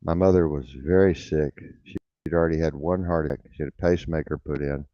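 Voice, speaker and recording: A man's voice: a bass voice, steady tone, brisk, no echo. An older man telling a rambling, blunt and profane story in casual talk, repeating himself as he goes. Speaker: radio show host. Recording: dull lo-fi radio sound.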